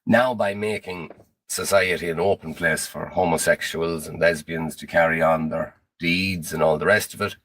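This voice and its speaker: A man giving a grave, deliberate monologue on conspiracy theories, in a lecturing manner. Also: deep voice, steady tone, a bit bright, no room sound.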